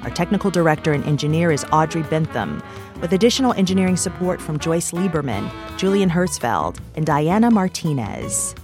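A woman radio host closing a show and listing credits in a calm, composed way. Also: low voice, fairly quick, over music. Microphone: studio mic.

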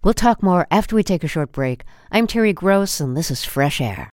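A woman hosting a radio interview, asking measured, precisely worded questions into a studio microphone. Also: fairly low pitch, animated, a little mellow, dry recording.

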